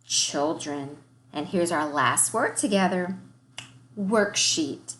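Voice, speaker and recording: A woman teaching a recorded reading lesson to young children. She sounds out words slowly, one sound at a time, cheerful and encouraging. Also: low voice, animated, a bit bright.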